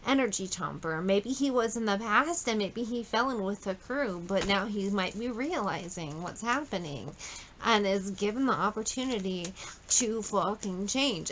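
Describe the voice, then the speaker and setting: A woman's voice: medium pitch, a bit bright, a little hiss or hum, low-quality recording. A woman doing a casual tarot reading, blunt and profane, thinking aloud as she pulls cards. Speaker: tarot reader.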